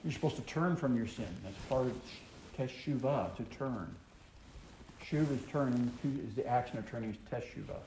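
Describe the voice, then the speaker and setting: A Bible teacher from the American South leads a Torah study, reading each verse aloud before stopping to explain it, often pausing with an um or uh. His medium-pitched voice is mellow and warm, and the recording has a roomy echo over a faint hiss.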